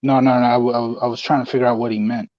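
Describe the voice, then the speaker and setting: A man's voice: mid-range voice, level tone, racing, dry recording. Man on a dull, dry lo-fi mic. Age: 30s. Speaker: podcast co-host. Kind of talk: casual chat.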